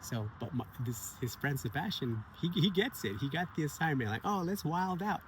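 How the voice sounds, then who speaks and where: A man's voice: medium pitch, a little fast. Man, mid-range voice, heartfelt casual storyteller, faint hum behind. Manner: earnest, animated, repeats phrases and laughs often. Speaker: vlogger sharing personal stories.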